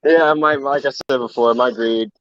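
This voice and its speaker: A man's voice: mid-range voice, steady tone, moderate pace, fairly bright tone, no echo, highs cut off. A man calling in to a trading stream from his workplace, chatting casually about his trades. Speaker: caller. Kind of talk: casual call-in chat. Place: at work, audio only.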